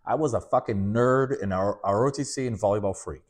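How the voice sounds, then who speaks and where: A man in his late thirties hosting a podcast, telling a personal story in a candid, expressive way with profanity, laughter and playful asides. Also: lowish voice, a little fast. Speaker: podcast host.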